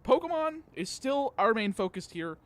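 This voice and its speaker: A man's voice: very high-pitched, big pitch swings, normal speed. A tipsy man streaming a video game, rambling and joking crudely between moves. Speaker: gaming streamer. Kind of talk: casual livestream chat while playing.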